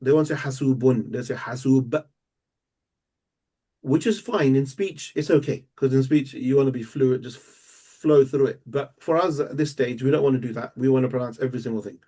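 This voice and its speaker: A man's voice: mid-range voice, warm tone. Patient man teaching a language lesson. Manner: patient, explains step by step, repeats words slowly. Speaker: Arabic teacher. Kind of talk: live one-on-one language lesson.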